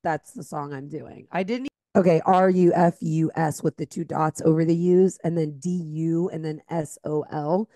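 A woman co-hosting a casual podcast chat, telling lively stories and acting out what people said. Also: low-pitched, normal speed, few pauses, dry recording. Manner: lively storyteller, acts out quotes. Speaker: podcast co-host.

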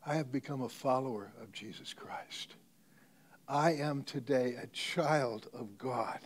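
A man voicing a calm, gentle woman teacher in a quiet, hushed way within a sermon story. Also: mid-range voice, measured pace, lightly acted. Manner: hushed and soft.

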